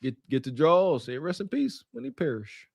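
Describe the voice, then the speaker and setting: A man's voice: on the high side, sing-song, normal speed, creaky, no echo, clean studio sound. A man co-hosting a podcast, giving preachy, joking commentary in slang. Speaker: podcast co-host.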